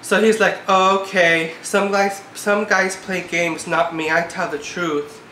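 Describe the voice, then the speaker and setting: A woman's voice: lowish voice, steady tone, a little slow, sharp tone, slight background noise. A woman in her twenties chatting casually in a vlog, peppering her talk with "like" and sounding exasperated. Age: 20s. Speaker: vlogger. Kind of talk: casual chat. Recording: echoey room.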